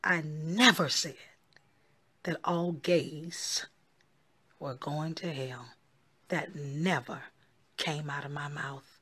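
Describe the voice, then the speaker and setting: Sitting low with fairly even intonation, her voice is fairly bright with a breathy edge, and she goes slowly with long pauses. The speaker, a pastor and gospel singer, addresses followers straight to camera on social media, emphatic and pleading, often repeating herself and saying "y'all" and "honey."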